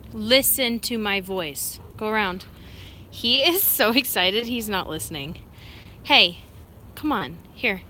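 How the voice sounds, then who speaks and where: A woman hosting a casual live stream, talking to viewers, laughing often and giving short, firm commands to her excited dog. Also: mid-range voice, a little hiss or hum. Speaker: live-stream host training and feeding her service dog.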